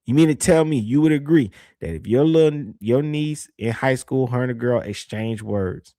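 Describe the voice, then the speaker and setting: Gravelly man riffing on a livestream. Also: medium pitch, normal speed, no echo, studio quality. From Southern United States. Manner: animated, slangy, repeats himself for emphasis. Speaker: livestream host reading super chats. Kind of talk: casual opinionated commentary.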